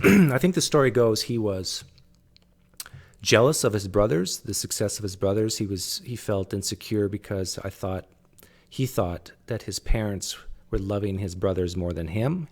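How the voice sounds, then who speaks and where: Man, low-ish voice, casual video commentator, halting and reflective. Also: darkish tone. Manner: thinking aloud, with many fillers and restarts.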